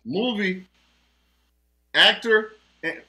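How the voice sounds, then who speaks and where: This man's voice is high-pitched and sharp, and he draws out his words. He hosts a casual trivia night on a video call, teasing players and laughing often, captured on a video call mic.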